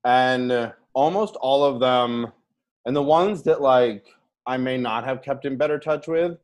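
A woman's voice: extremely low pitch, unhurried, a little mellow. A woman co-hosting a podcast in casual chat, bubbly and giggly, rambling between stories. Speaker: podcast co-host.

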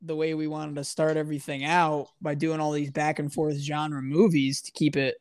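A man's voice: a little high, level tone, moderate pace, smooth. A man co-hosting a podcast, rambling and joking in loose casual chat. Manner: rambling, joking, trails off and restarts. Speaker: podcast co-host.

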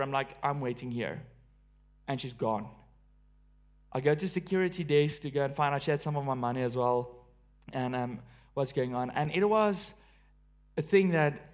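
South African male pastor, slightly high voice, animated storyteller with loud and hushed turns. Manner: animated storytelling, swinging between loud emphasis and hushed awe. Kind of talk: sermon.

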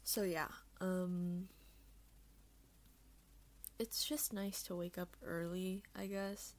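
A young adult woman hosts a podcast alone, chatting in a rambling, bubbly, self-deprecating manner through an earphone mic. Her voice sits on the low side and is a little mellow, with fairly even intonation and a slow pace.

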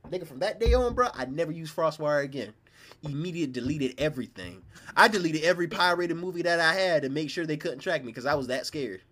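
A young man with a Southern US accent, host of a podcast, telling a story in casual, animated, slang-heavy chat. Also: on the high side, a little fast. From South Carolina, US.

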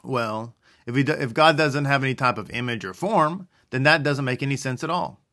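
Bright-voiced man teaching scripture. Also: medium pitch, fairly quick. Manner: conversational, asks and answers his own questions. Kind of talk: religious teaching.

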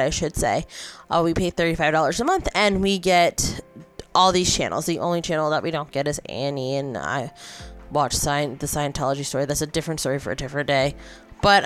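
A woman's voice: on the low side, a bit bright, smooth. A woman, hosting a podcast in a rambling, chatty way full of fillers and restarts. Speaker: podcast host. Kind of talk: casual chat.

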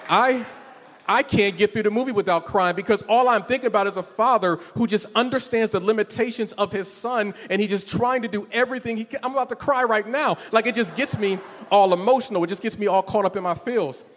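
A man's voice: high voice, fairly quick, fairly bright tone, in a large hall. A man in his forties preaching a conversational, emotional sermon in a church, often repeating words as he starts a thought. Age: 40s. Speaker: pastor.

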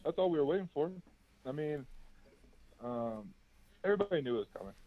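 A man's voice: on the high side, animated, brisk, no room sound. Young man on a tinny phone line. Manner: laid-back, chatty storytelling with many fillers. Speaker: former college basketball player, guest. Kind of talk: casual interview answers.

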